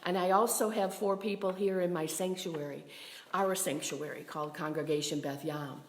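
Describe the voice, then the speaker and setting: Soft-spoken woman minister in an echoey hall. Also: fairly low pitch, fairly even intonation, normal speed, slight background noise. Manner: gentle, meditative, with soft whispered phrases. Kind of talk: livestreamed sermon. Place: synagogue sanctuary. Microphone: camera from a distance.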